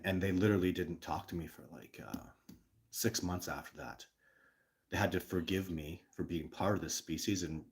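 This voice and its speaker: A man with a low voice hosts a casual live stream and answers viewer questions one after another. He tells his stories earnestly and plays out both sides of each conversation himself.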